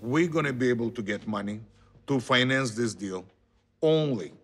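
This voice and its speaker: A man of middle pitch looks back on events in a documentary interview. He speaks in a measured, matter-of-fact way, and faint music plays behind him. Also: lively intonation.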